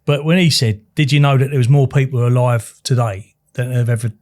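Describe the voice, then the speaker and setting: Man, podcast host, mid pitch, rambling explanations. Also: steady tone, fairly quick, a little mellow. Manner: rambling, restarts, explains with examples. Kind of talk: casual chat.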